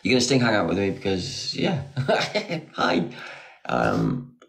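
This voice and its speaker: A man's voice: on the low side, wildly swooping pitch, slow pace, vocal fry, fairly bright tone. A man hosting a live stream, reading out comments and answering viewers in a sarcastic, teasing way on a phone mic. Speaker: livestream host.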